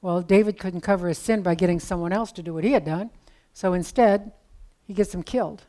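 A woman's voice: on the low side, a little fast, warm tone. Conversational woman preaching a sermon. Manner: conversational, storytelling with asides.

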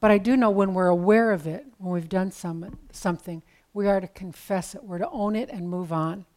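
Woman, preacher, sermon, conversational, storytelling, mid-range pitch. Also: moderate pace, a little mellow.

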